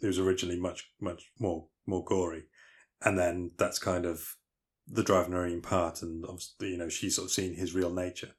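Deep-voiced man retelling film scenes. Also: little pitch movement, a little fast. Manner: retells film scenes in detail with many fillers and restarts. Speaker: podcast co-host. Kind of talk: casual film discussion podcast.

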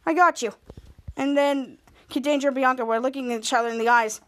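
A woman podcast host retells a TV episode in a rambling, storytelling way. She often restarts her sentences, and her voice is high. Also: fairly even intonation, fast talker.

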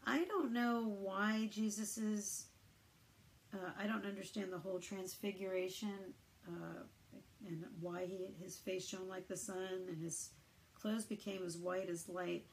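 A woman's voice: mid-range voice, steady tone, measured pace, slight background noise, poor audio. A woman reading the Bible aloud and thinking it through in casual, hesitant talk full of fillers. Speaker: Bible reader.

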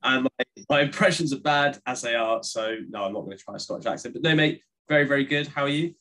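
Male co-host, mid-pitched, easygoing and jokey. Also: quick pace, rough recording. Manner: relaxed and joking. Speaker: podcast co-host. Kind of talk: casual football podcast chat.

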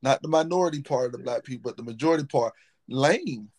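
A man's voice: medium pitch, fast, a little mellow, dry recording. A man hosting a casual podcast chat, talking emphatically and hammering his points by repeating words. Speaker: podcast host; football coach.

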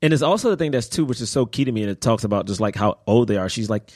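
A man co-hosting a podcast, talking casually about a film with friends and getting animated as he goes. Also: racing, no room sound, clean studio sound. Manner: animated, jumps way up in pitch when excited. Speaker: podcast co-host.

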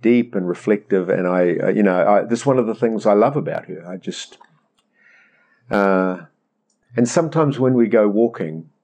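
A middle-aged man preaching a conversational sermon, animated and rambling as he acts out prayers. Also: fairly low pitch, moderate pace, dull audio. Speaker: pastor.

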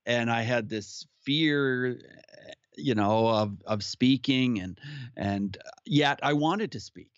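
A man's voice: medium pitch, no room sound. Earnest man with muffled, dry sound. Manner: earnest, unhurried storytelling. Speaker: podcast guest who hosts his own show. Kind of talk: personal storytelling in conversation. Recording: slightly muffled audio.

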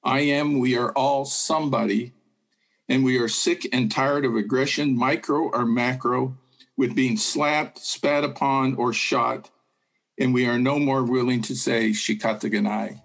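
A man's voice: mid-range voice, steady tone, measured pace, fairly bright tone, poor audio. A man giving an impassioned speech at a forum, building his points through rhetorical repetition. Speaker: speaker at a forum.

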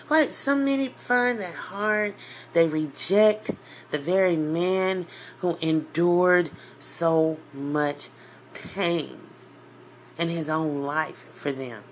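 A woman's voice: fairly low pitch, extremely slow, a little hiss or hum. A woman preaching an informal sermon, emotional and near tears, rising into impassioned, emphatic outbursts.

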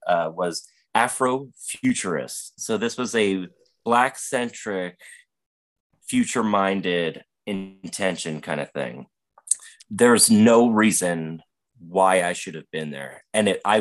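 A man telling a rambling, profane, comedic story in casual podcast chat. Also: fairly low pitch. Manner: profane, rambling, with frequent fillers. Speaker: podcast guest or host.

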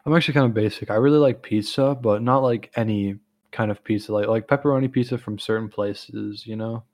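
A young man hosting a casual chat talks fairly quickly, his voice fairly low, steady, and darkish in tone. He rambles, constantly using fillers, restarting, and correcting himself.

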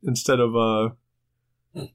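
A man's voice: mid-range voice, little pitch movement, drawn-out words, clear, resonant tone. A man chatting casually while watching a film, wondering aloud, asking questions and joking. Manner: musing, asks questions, jokes. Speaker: co-host of a movie commentary.

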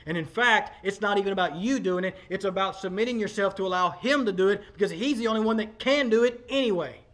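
A man's voice: sits high, fast talker, fairly bright tone. A man, preaching a sermon in a conversational, emphatic way, talking straight to the congregation. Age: 40s. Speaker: pastor.

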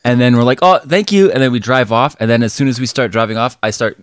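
A man's voice: mid-range voice, flat delivery, fast, clear, resonant tone. A man co-hosting a podcast, telling a story in casual chat, rambling and laughing often, swearing freely. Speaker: podcast co-host.

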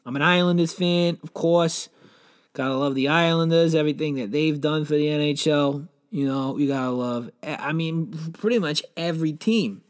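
A man's voice: fairly high pitch, moderate pace. A young man rambling through a comic monologue, full of fillers and restarts, telling silly made-up stories with mock seriousness. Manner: meandering, filler-heavy, deadpan mock storytelling.

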